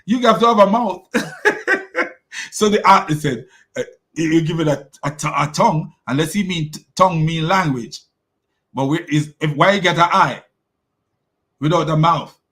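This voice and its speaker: A man giving mocking commentary, sarcastic and quick to laugh, with loud exclamations. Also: a little high.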